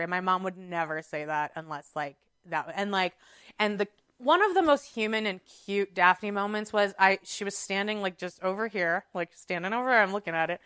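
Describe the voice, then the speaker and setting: Bright, crisp-voiced woman telling a story. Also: mid-range voice, brisk, no echo, studio quality. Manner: animated, dramatic retelling with many "like"s. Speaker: podcast co-host. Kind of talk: casual storytelling chat.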